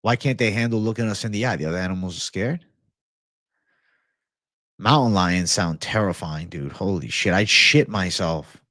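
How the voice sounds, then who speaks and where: A young man hosting an MMA livestream, chatting casually and reading comments in a profane, excitable bro style. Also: deep voice, normal speed, dry recording, clean studio sound. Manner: profane, excitable, laid-back bro talk.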